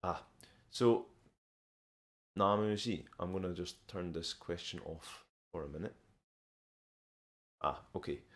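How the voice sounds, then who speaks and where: A Scottish man hosting a casual live stream, answering viewer questions in a relaxed way with frequent pauses and restarts. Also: low voice. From Scotland. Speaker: live stream host teaching English and learning Korean.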